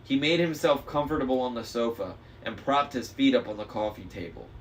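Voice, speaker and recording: A man reading a novel aloud in first person on a live stream, steady with small slips. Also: mid-range voice, brisk. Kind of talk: audiobook reading. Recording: faint noise, slightly distant mic.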